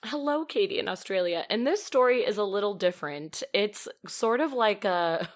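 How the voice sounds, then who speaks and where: A woman co-hosting a podcast in casual chat, chatty and expressive, laughing often as she reads a listener's email aloud. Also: medium pitch, normal speed. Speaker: podcast co-host.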